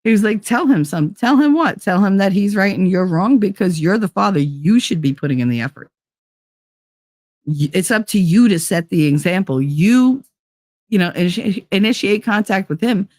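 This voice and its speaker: A woman hosts a casual talk show and tells a personal story bluntly, with lots of animation and plenty of swearing. Her voice sits at an ordinary middle pitch and is recorded dry and close. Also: lively intonation, normal speed, a little mellow, no echo. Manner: swears freely. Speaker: host. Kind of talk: casual chat.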